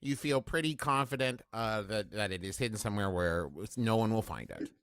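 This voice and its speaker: A man's voice: lowish voice, brisk, a bit bright, clear, resonant tone, dry recording, studio quality. A man running a tabletop role-playing game on a live stream, easygoing as he gives rulings. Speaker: game master.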